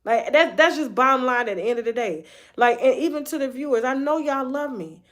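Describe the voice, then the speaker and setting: A woman's voice: high voice, a little fast, fairly bright tone. A woman hosting a gossip show, talking candidly in a blunt, heavily profane way and repeating phrases for emphasis. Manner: repeats phrases and restarts often. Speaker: host of a celebrity gossip show. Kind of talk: candid personal monologue.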